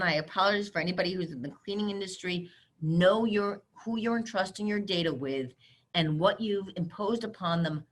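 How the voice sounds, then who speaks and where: Middle-aged woman doing a webinar, kinda low voice, brisk and direct. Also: fairly bright tone. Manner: brisk, direct advice-giving. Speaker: webinar speaker on cybersecurity. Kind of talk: webinar presentation.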